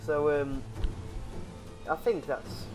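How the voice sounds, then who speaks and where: A man's voice: fairly high pitch, takes it slowly, over music. A young man co-hosting a casual gaming chat, rambling through stories with lots of restarts and "like". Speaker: co-host.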